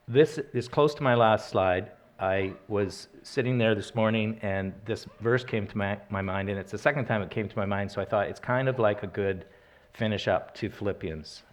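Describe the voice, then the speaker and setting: A man giving a church sermon in a conversational way, telling personal stories and reading scripture, with restarts and corrections. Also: on the low side. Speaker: church speaker.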